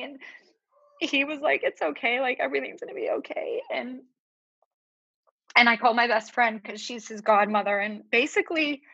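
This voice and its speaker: A woman speaks haltingly and tearfully as a podcast guest. Her voice is mid-pitched and the sound is dry and a little dull. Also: fairly bright tone, no room sound. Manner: tearful, halting, with many fillers and restarts. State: crying at times. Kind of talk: emotional personal conversation.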